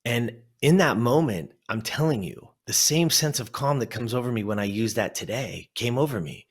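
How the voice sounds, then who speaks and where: A man in his fifties from Southern California recounts a story as a guest on an interview show. He is an animated storyteller who acts out his memories. His voice sits at an ordinary male pitch. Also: moderate pace, husky. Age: 50s. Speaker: guest, life coach.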